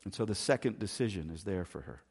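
Preaching from the pulpit, a man with a low, husky, breathy voice talks fast and animatedly. He alternates between loud, insistent emphasis and quiet, hushed asides.

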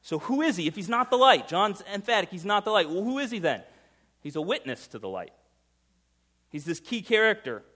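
A man preaching a sermon conversationally, asking his listeners questions and swinging between loud emphasis and hushed intensity. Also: high voice, big pitch swings, moderate pace. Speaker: pastor.

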